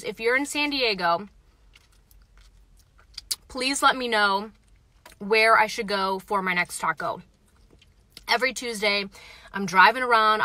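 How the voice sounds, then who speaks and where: Young woman chatting in her car, phone mic, reading comments out, bright voice, dead dry sound. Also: mid-range voice, no echo. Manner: chatty, frank, reads viewer comments aloud; talks while eating. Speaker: vlogger reviewing tacos. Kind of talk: casual live-stream chat. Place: parked car.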